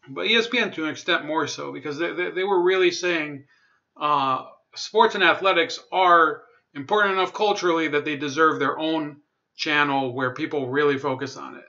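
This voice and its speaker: A man's voice: mid-range voice, pushed and bright, muffled recording. A man giving rambling, blunt commentary in a casual video, full of fillers, restarts and profanity. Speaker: political commentary vlogger.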